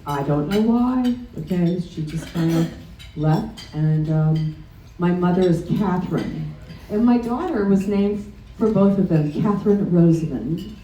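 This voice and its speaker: A woman's voice: lowish voice, unhurried, dark tone, slight background noise. A middle-aged woman giving a personal presentation at a chapter meeting, hesitant, with frequent ums and restarts. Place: meeting room during a luncheon. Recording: roomy sound from a distant mic.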